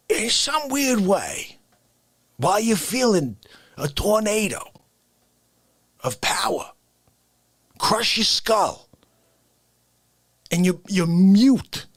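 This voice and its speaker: Husky man swinging from whisper to shout. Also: high-pitched, sing-song, slow, long pauses. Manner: wildly swinging delivery, dropping to whispers and bursting into shouts, laughing. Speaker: livestream host and comedian. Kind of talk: unscripted comedic rant.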